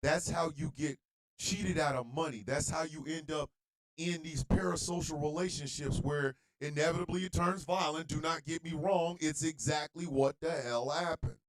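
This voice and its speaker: Speaking at normal speed, an internet radio host launches into a crude, blunt solo rant, alternating between low muttering and shouts. The recording is rough.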